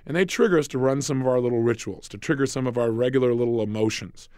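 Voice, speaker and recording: A man giving an animated motivational talk on a recorded self-help program, emphatic and acting out dialogues. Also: medium pitch, fast, smooth, dry recording, clean studio sound.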